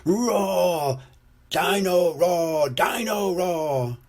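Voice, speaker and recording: Man putting on a roaring toy dinosaur, slow drawn-out chanting, husky, loud. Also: sits high, animated, pitched above the performer's own voice, heavily acted. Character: noisy singing toy dinosaur. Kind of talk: storybook read-aloud.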